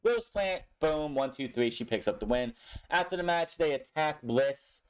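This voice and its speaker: A man's voice: on the high side, lively intonation, moderate pace, clean tone. A young man recapping a wrestling show in a casual, blunt way, swearing often and sounding frustrated with the booking.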